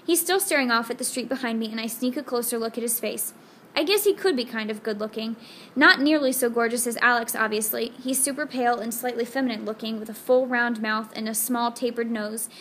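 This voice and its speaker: A woman's voice: fairly high pitch, brisk, fairly bright tone, a little hiss or hum. A woman reading a first-person audiobook in an earnest, intimate storytelling manner. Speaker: audiobook narrator. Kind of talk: scripted first-person narration.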